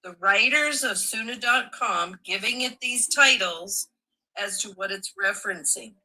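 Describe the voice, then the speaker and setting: Mocking woman with a sharp, bright voice. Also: medium pitch, measured pace, low-quality recording. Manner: mocking, challenging questions. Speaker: debate participant. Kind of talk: heated debate.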